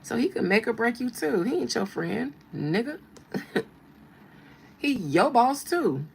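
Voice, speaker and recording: A woman's voice: on the high side, big pitch swings, slow pace, creaky, slightly rough, low-quality recording. A woman hosting a show as a tarot reader, giving blunt, slangy, mocking commentary. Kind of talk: casual commentary.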